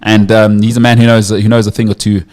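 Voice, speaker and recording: Opinionated radio sports host, low voice. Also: male voice, level tone, fast talker, darkish tone. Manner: emphatic, opinionated, repeats words. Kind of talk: casual sports talk.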